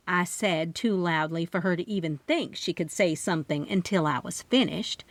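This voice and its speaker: A woman reading a first-person mystery audiobook with expressive, lively narration. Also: on the low side, normal speed, few pauses, no room sound.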